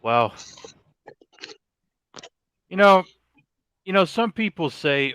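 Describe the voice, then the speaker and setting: A man with a deep voice joining a live stream, joking and chatting. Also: normal speed, long pauses, fairly bright tone, clear, resonant tone, dry recording. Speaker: stream guest. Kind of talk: casual chat on a live stream.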